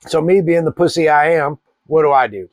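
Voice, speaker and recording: A man, telling a wild personal story in a profane, animated way. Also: on the high side, brisk, no echo. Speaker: cigar channel host. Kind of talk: casual storytelling.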